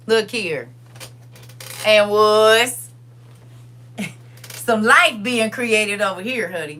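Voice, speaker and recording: A woman's voice: fairly high pitch, pushed and bright. An older woman hosting a casual livestream. She chats with her viewers, reads their comments aloud, and repeats phrases for emphasis. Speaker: livestream host.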